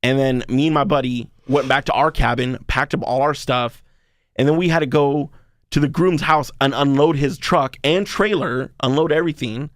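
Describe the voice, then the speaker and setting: A young man co-hosting a podcast tells a rambling story in casual chat, swearing freely. His voice is medium-pitched at a normal speed, and the studio sound is clean with no echo.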